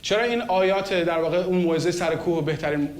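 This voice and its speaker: A man's voice: high voice, rapid-fire, roomy sound. A man interpreting a sermon line by line, following the speaker closely.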